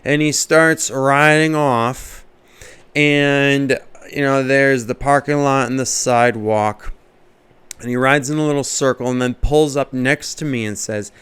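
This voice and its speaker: A man's voice: fairly high pitch, a little slow, a bit bright, smooth, dry recording. A man, a comedian, telling a comic story as a monologue and laughing often at his own jokes.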